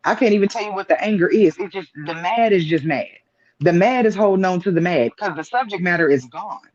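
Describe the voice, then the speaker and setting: A man's voice: high voice, lively intonation, a little fast, crowd noise. A man speaking as a guest on a live stream, making his point with repeated rhetorical questions. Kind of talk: casual opinion talk. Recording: dull lo-fi stream audio.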